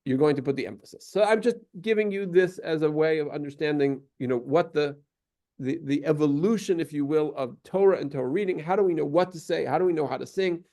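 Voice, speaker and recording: Gravelly man teaching patiently. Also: a little high, fairly quick, a little mellow. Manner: patient, explanatory, sings short examples. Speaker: synagogue teacher. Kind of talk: explanatory lesson on Torah cantillation.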